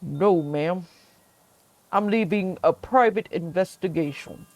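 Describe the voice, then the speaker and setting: A smooth, persistent male private investigator, voiced by a woman reading a game aloud, asking questions with polite, measured care. The delivery is slow and lowish, recorded dry and close. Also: darkish tone, no room sound.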